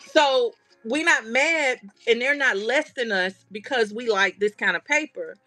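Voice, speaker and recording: A woman's voice: a little high, pushed and bright. A woman hosting a craft livestream, chatting casually and animatedly straight to her viewers.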